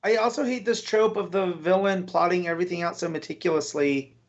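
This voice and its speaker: A man's voice: high-pitched, fairly even intonation, brisk. Blunt podcast man, muffled sound. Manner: opinionated, blunt. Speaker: podcast co-host. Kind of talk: casual chat.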